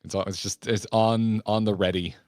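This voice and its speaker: A man with a fairly low voice co-hosts a podcast in casual chat. He tells relaxed anecdotes and acts out the quotes. The sound is dry and close. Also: moderate pace, no echo. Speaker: podcast host.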